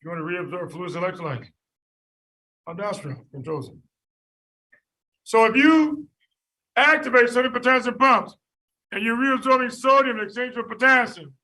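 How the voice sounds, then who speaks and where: A man lecturing a class on medicine, animated and jokey, quizzing students by name. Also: very high voice, normal speed, pauses often. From United States.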